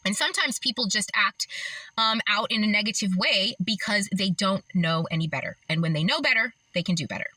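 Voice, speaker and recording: A woman's voice: medium pitch, expressive, a little fast, sharp tone, low-quality recording. A woman from Las Vegas talking to camera in an earnest, emphatic, chatty way. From Las Vegas, Nevada, USA. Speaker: vlogger. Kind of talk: casual talk to camera.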